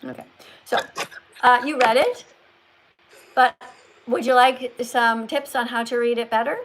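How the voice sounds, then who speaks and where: Teacherly woman coaching slow, stressed reading. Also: a little high, steady tone, noisy background. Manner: teacherly, slows down to stress words. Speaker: livestream host. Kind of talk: casual livestream chat, coaching a caller.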